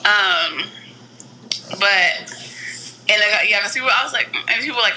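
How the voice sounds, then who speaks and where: Bright-voiced blunt joking woman. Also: mid-range voice, animated, brisk, a little hiss or hum, poor audio. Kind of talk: casual chat.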